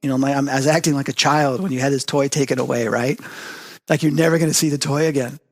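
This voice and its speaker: Male host, mid pitch, animated storyteller who acts out dialogue; long hall reverb. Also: quick pace. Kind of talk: storytelling monologue.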